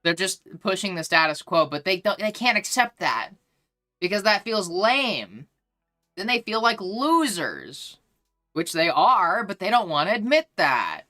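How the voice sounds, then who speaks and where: A woman's voice: mid-range voice, big pitch swings, a little slow, sharp tone, soft background music. A woman livestreamer chatting casually with her viewers, blunt and profane, with many fillers, and joking about herself when she tries accents. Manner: self-deprecating when trying accents. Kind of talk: casual live-stream chat.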